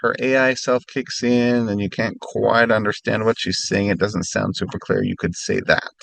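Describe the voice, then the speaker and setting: A man teaching phrases as a language lesson, speaking slowly and carefully and repeating each phrase more slowly. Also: lowish voice, fairly even intonation, creaky, fairly bright tone, no room sound. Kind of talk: instructional narration.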